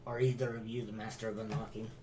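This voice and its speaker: A man's voice: on the low side, level tone, fast talker, a crowd in the background. A man playing a tabletop game, easygoing and offering suggestions in casual talk. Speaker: player.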